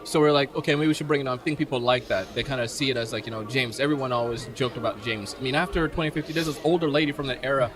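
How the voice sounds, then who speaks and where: A man being interviewed as an event emcee, talking in a lively, expressive way and pausing to think. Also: mid-range voice, crowd noise. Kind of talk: casual interview chat.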